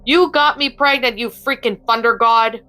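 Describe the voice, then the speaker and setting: A woman voicing an angry young woman who shouts harsh accusations. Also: high voice, measured pace, voice pushed up. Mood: furious.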